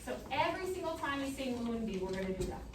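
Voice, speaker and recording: A woman leading a choir rehearsal, giving brisk, encouraging instructions and singing short examples. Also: high voice, very animated, noisy background. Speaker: choir teacher. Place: rehearsal room. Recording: echoey room, mic far off.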